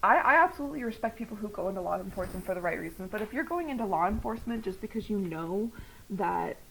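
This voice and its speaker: Heated, animated young woman vlogger. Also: medium pitch, fast, vocal fry, a little hiss or hum, poor audio. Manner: animated, heated, swears, many "like" fillers. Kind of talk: casual storytelling vlog. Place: home, dog barking nearby.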